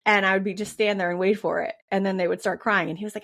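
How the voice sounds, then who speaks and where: A woman's voice: medium pitch, fast, few pauses. A woman in her thirties hosts a casual podcast chat. She talks in a loose, rambling way, full of fillers and restarts, in a voice that sits right in the middle of the range. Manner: chatty, lots of fillers and restarts. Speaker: podcast host.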